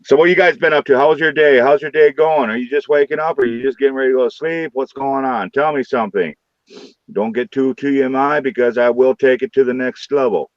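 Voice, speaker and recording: A man's voice: mid-range voice, fairly quick, no echo, lo-fi sound. A man hosting a live stream, trading rowdy, crude jokes with his chat in a loose, casual way. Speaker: livestream host.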